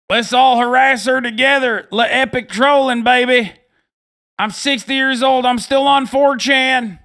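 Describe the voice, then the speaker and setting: A man doing a jeering old troll, 60s, loud and high, mocking. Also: heavily acted. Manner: loud, mocking, drawn-out cheering. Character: jeering old male internet troll, sixty.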